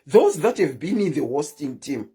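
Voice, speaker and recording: A woman's voice: low voice, very animated, normal speed, mellow, breathy edge. A woman hosting a live stream, chatting casually and keeps asking her viewers questions.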